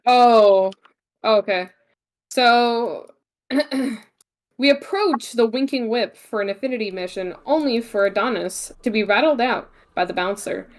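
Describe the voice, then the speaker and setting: A woman's voice: fairly high pitch, a little slow. A woman, a player, giving an easygoing recap of the last tabletop session. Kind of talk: casual recap of a tabletop game.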